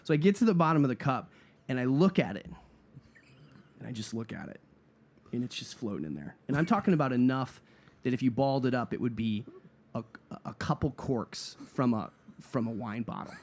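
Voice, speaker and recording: A man's voice: mid-range voice, animated, fairly quick, darkish tone. A man spins a comic story in a podcast chat, and his voice climbs and drops a lot as he acts out each person. He laughs often as he talks. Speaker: guest. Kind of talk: casual storytelling.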